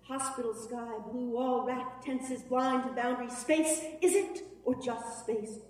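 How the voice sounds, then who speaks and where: Woman performance poet, higher voice, incantatory delivery, heard from a distance in a very echoey hall. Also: unhurried, darkish tone. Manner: incantatory, chanting, sometimes half-sung. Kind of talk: dramatic spoken-word performance. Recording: reverberant hall, from far off.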